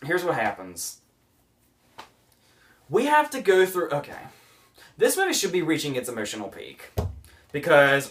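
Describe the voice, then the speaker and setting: Sarcastic animated man, off-mic. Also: a little high, a little slow, long pauses, distant mic. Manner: sarcastic, animated, acts out scenes mockingly. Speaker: movie reviewer host. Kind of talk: casual podcast review.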